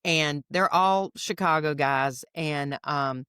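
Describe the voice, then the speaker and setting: A smooth, clear voice from a Southern woman in her fifties, recorded close and dry on a podcast mic. She tells her stories in an animated way and acts out the other people in them. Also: low-pitched, slow, dry recording. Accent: Southern American. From Alabama. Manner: animated storyteller acting out quotes. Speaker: guest. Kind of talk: casual storytelling.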